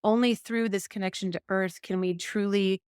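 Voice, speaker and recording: In a clear, resonant mid-range voice at a moderate pace, a woman recounts a personal anecdote while co-hosting a podcast. The recording is studio quality without echo, and she brings the story alive by voicing the people she quotes.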